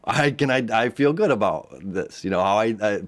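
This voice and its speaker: A man's voice: on the low side, animated, normal speed. A man giving a casual spoken astrology forecast, rambling with frequent restarts and acting out quoted voices.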